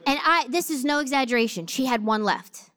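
A woman in her thirties with a high, light voice delivers a sermon. She tells a story from her own life with humor and animated, lively timing before she turns to scripture. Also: a little fast. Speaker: preacher.

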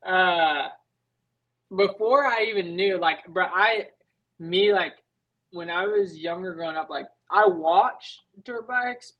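Young man, slightly high voice, podcast guest, animated, casual storytelling, heavy filler words. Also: lo-fi sound. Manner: animated, leans on filler words, acts out his own past thoughts. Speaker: guest, motocross racer.

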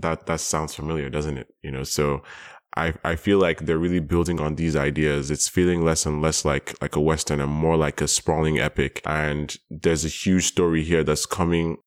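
Man, very low voice, casual podcast chat, rambling, thoughtful. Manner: thoughtful, rambling, quick bursts of excitement. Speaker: podcast co-host.

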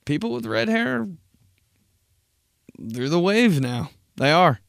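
A young man hosting a casual solo podcast, swearing a lot and ranting in an animated, crude way. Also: high voice, takes it slowly, gravelly, dry recording, clean studio sound. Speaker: podcast host.

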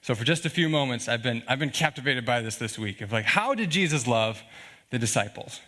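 A man's voice: medium pitch, expressive, brisk, bright, forceful tone. A man preaching a sermon in an earnest, conversational way, often checking in with the congregation with asides like "okay?" and "all right?". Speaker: pastor.

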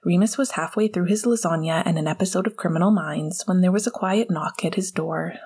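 Woman, audiobook narration, breathy, low voice, soft measured storytelling. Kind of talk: fan fiction read aloud.

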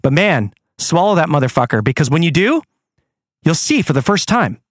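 A man's voice: a little high, normal speed, no room sound, studio quality. A man hosting his own show, ranting angrily with plenty of swearing. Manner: angry, profane, animated. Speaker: podcast host. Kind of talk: ranting monologue.

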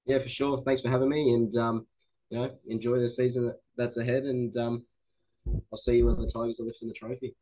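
A man, a guest co-host, chatting in a relaxed, agreeable way. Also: mid-range voice, a little fast, poor audio. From Australia. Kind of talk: casual chat.

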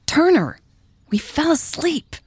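A woman's voice: mid-range voice, fairly even intonation, unhurried, warm tone, no room sound, clean studio sound, pitched above the performer's own voice, natural voice. A woman voicing a panicked captive woman, hissing and hostile, in a read-aloud story. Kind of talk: audiobook character voice.

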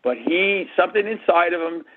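A man in his sixties, a guest in an interview, telling animated stories about his past and acting out what others said. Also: high voice, a little fast, a little hiss or hum. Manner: animated storyteller, acts out quotes. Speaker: guest, art and antique dealer. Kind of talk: storytelling interview answers. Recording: tinny phone-line audio.

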